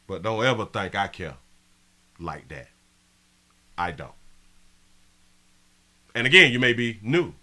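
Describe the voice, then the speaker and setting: A man hosting a live stream, reading viewer comments in a brash, profane way that swings from mumbling to yelling. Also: on the low side, sing-song, slow pace, long pauses. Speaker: live show host.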